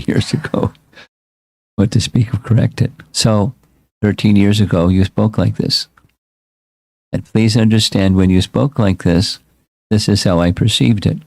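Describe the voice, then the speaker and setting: A man's voice: lowish voice, vocal fry, a little mellow, no room sound, studio quality. A man as a spiritual teacher giving a casual scripture class, reflective and repeating himself as he restarts words.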